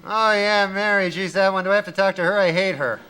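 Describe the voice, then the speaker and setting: A man playing a deadpan, crude psychiatrist. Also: high-pitched, a little fast, background noise, close to an everyday voice. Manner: mumbling, deadpan, many "uh"s. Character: offhand, crude male psychiatrist. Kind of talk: comedy sketch acting.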